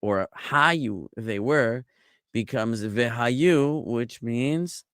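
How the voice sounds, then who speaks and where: Male rabbi for a classroom grammar lesson: unhurried, patient, drills forms and quizzes the room. Dry, close sound. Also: medium pitch, fairly bright tone, smooth, no room sound. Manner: patient, quizzes students with questions; drills word forms by repetition. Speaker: rabbi teaching Biblical Hebrew.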